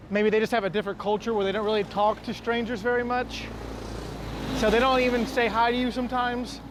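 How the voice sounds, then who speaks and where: A high-pitched American man vlogs casually outdoors, with a little hiss or hum in the recording. He rambles, corrects himself along the way, laughs lightly and sounds a little winded as he talks to camera.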